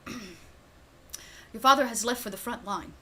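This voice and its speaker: A woman voicing a caring male family butler who speaks gently, at times in a hush, in a tabletop game. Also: fairly high pitch, slow, slight background noise. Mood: grave.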